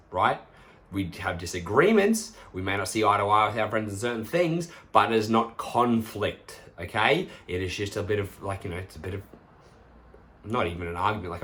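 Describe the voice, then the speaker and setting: A man's voice: fairly low pitch, a bit bright. A young man hosting a casual solo podcast as a personal trainer, talking bluntly and swearing freely. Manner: blunt, swears freely, acts out friends' lines.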